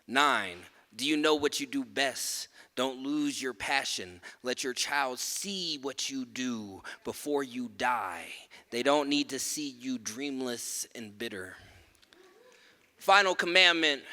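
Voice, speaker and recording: Male spoken word poet, bright voice, rhythmic and emphatic, live in a reverberant hall. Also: medium pitch, expressive, takes it slowly. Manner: rhythmic, emphatic, dropping soft at line ends. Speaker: performance poet. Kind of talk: spoken word poetry and stage storytelling. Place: live stage at a museum event.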